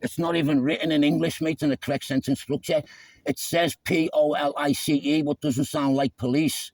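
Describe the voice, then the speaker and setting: A man filming himself in an argument with police, repeating "mate" and often shouting. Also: a little high, fairly even intonation, normal speed, no echo, rough recording. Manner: argumentative, repeats "mate" constantly, stumbles over words. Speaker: self-filming activist. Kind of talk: heated roadside argument. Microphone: handheld phone camera.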